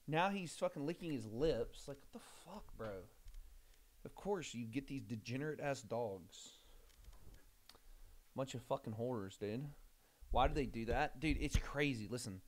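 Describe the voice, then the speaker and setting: A young man streaming a game, chatting casually, swearing often and rambling excitedly. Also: mid-range voice. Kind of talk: casual livestream chat.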